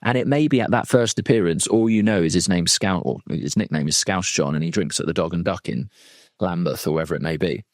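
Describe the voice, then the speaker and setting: A man's voice: sits low, fairly quick, no echo, clean studio sound. A man, a legal trainer and former defence lawyer, talking through a case in a chatty, digressive way with plenty of asides. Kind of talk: conversational legal training talk.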